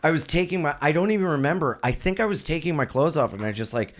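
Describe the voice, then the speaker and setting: A man who is a comedian guest on a studio podcast, telling a story in an animated, profane way and quick to flare up. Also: on the high side.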